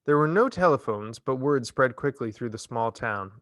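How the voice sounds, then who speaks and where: Man narrating a novel, expressive reading, lively intonation, dry close sound. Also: medium pitch, no room sound. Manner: measured, expressive storytelling. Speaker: reader. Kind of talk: audiobook narration.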